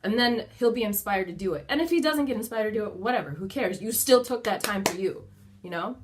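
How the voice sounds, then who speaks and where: A chatty woman speaks to camera from her home, sharing candid advice as a mother. Her talk is loose and conversational, sprinkled with "like" and the occasional swear word. She sounds like a relaxed motivational vlog. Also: medium pitch, fast talker, background noise. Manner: chatty and candid, casual swearing, many fillers like "like". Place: at home indoors.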